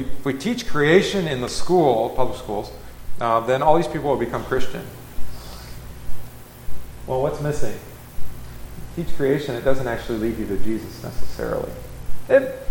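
A man's voice: medium pitch, lively intonation, moderate pace. Man, pastor, Bible study teaching, conversational, questions to the group, self-correcting, faint background noise. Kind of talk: casual Bible class teaching.

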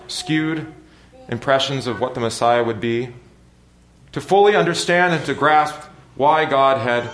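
A man preaching a sermon in a measured, earnest manner with deliberate pauses. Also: mid-range voice, fairly bright tone, echoey room. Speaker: pastor.

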